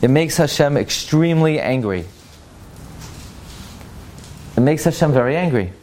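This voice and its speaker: A man's voice: on the high side, expressive, a little fast, a little mellow, slight background noise. Guy teaching a torah class, emphatic, keeps correcting how you say the hebrew words. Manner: emphatic, drills Hebrew pronunciation, asks rhetorical questions. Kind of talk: classroom halacha lesson.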